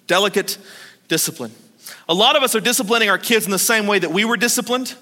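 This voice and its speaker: A man's voice: sits high, racing, sharp tone, big-room sound. A man in his thirties preaching a sermon as pastor, conversational and joking, acting out short quotes.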